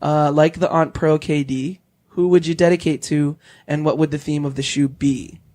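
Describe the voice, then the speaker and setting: A man's voice: a little high, fairly even intonation, moderate pace, a little mellow. Giggly man hosting a podcast. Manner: giggly, laughs often between phrases. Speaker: podcast host. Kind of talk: casual chat.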